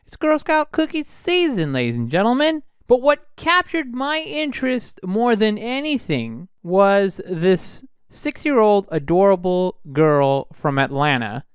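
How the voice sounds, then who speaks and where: A man hosting a solo podcast, chatty and animated, his pitch jumping up and down to stress his points. His voice is smooth and resonant. It is recorded dry and close, with no room sound. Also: unhurried, hardly any pauses, no echo. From United States. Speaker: podcast host.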